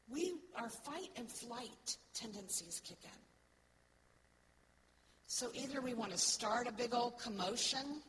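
A woman's voice: on the high side, noisy background. Earnest woman preaching to a congregation. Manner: earnest, asks the congregation "right?" often; swings between soft, slow words and loud stressed ones. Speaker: church speaker. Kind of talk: sermon-style teaching.

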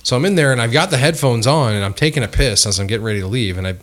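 A man co-hosting a podcast, telling a rambling story in an excitable, casual way. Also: medium pitch, very fast. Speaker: podcast co-host.

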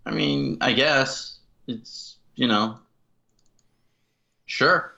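A man's voice: medium pitch, drawn-out words, creaky, bright, forceful tone, lo-fi sound. A man co-hosting a podcast in casual chat, joking and riffing with frequent laughs. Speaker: podcast co-host.

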